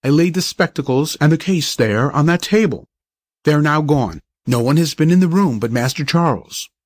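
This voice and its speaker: A man's voice: a little high, expressive, normal speed. A man voicing a pompous, irritable old doctor who talks in a stern, lecturing way.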